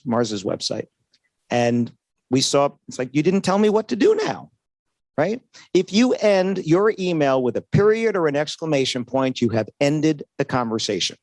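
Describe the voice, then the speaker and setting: A man's voice: medium pitch, no echo. A man giving a sales seminar at a trade show, talking conversationally and often checking in with "right?" while acting out little dialogues. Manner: conversational, keeps asking "right?", acts out dialogues. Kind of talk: motivational sales talk to an audience.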